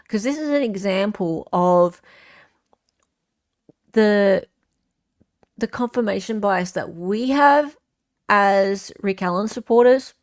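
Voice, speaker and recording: A woman hosting a casual livestream, reading viewer comments aloud and answering them in a chatty way with frequent fillers. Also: medium pitch. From Australia. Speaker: livestream host.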